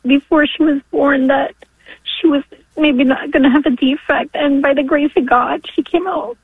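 A woman's voice: sits high, fairly even intonation, normal speed, no room sound. A woman in her forties from New York calling in, emotional and tearful as she speaks. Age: 40s. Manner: emotional, tearful, breaking into laughs. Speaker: caller. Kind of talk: phone-in testimony. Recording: tinny dry phone line.

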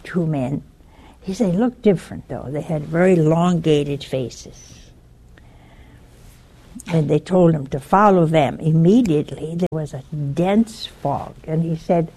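A woman's voice: sits low, warm tone, slightly rough. A woman giving an earnest, urgent warning to listeners and telling a story in plain, direct words.

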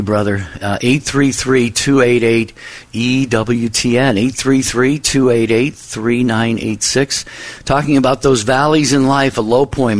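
A man co-hosting a faith-based call-in radio show, calm and consoling, often saying "you know". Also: medium pitch, no echo.

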